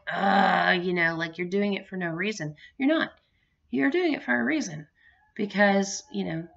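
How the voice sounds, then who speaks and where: A woman's voice: mid-range voice, vocal fry. A middle-aged woman chatting in a rambling, laughing way in a home vlog. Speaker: vlogger. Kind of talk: casual home vlog chat. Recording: muffled lo-fi home recording.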